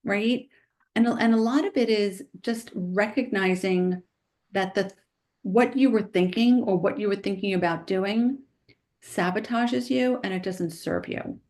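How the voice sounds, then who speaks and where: An emphatic woman nutritionist talking in a podcast interview. She speaks quickly and with conviction, and she punctuates her points with "right?" as she goes. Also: medium pitch, a little mellow. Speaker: nutritionist guest.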